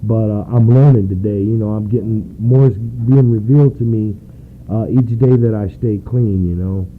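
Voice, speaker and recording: A man's voice: lowish voice, normal speed. A man sharing at a recovery meeting, earnest and rambling, filling his talk with "you know". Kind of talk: personal share at a meeting. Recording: tinny phone-like recording with faint noise.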